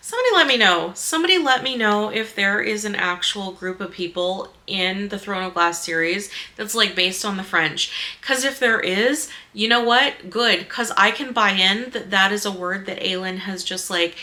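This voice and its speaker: A woman's voice: medium pitch, normal speed, hardly any pauses, bright, forceful tone. A young woman reviewing a book in a casual vlog, rambling and repeating herself as she talks to her viewers.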